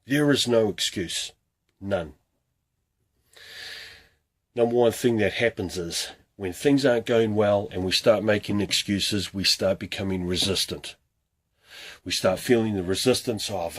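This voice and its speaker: Husky, low-voiced motivational fitness coach man. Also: a little slow. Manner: fires rhetorical questions, pushy and earnest. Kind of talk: motivational talk to camera.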